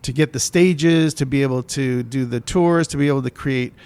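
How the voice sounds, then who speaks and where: A man's voice: medium pitch, normal speed, a little mellow, smooth. A man co-hosting a podcast, a film producer explaining the business side in a loose, rambling way, often correcting himself mid-sentence. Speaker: podcast co-host. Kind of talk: casual podcast chat.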